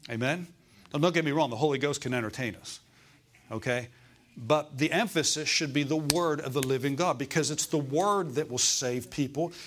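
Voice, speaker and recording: A man's voice: on the high side, normal speed, background noise. A middle-aged man preaching a sermon, repeating phrases for emphasis and asking his listeners for amens.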